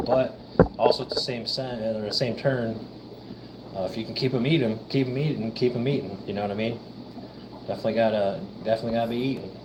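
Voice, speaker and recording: A middle-aged livestream host with a voice on the low side chats casually and easily, sometimes addressing his fish. He's in a fish room lined with aquarium tanks, with background noise audible.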